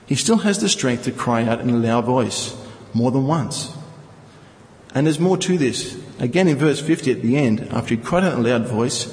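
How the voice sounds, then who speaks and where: A man's voice: medium pitch, expressive, normal speed, darkish tone, big-room sound, rough recording. A male preacher teaching from scripture, reading verses and explaining them with rhetorical questions. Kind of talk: Bible teaching sermon.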